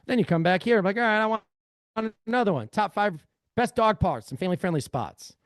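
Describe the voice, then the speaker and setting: A man's voice: high-pitched, big pitch swings, brisk, no echo, studio quality. A man leading a live screen-share workshop, talking energetically and calling his audience family. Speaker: real estate AI trainer.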